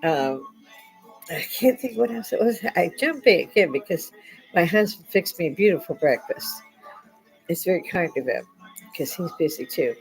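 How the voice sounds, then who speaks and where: A woman's voice: lowish voice, animated, moderate pace, creaky, soft background music, poor audio. An older woman hosting a casual live-stream chat from home, chatty and laughing often. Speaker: host.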